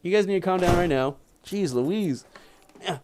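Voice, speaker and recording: A young man live-streaming from home, reading a book aloud and breaking off into excited, rambling commentary full of "like". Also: high-pitched, normal speed, slight background noise. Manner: excitable, rambling, heavy on filler "like". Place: indoors at home, settled under a blanket.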